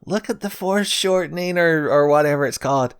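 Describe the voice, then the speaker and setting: A man's voice: on the high side, a little fast, clean tone, no room sound, clean studio sound. A man narrating a Let's Play, sarcastic and profane, with frequent jokes aimed at his viewers. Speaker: gameplay commentator.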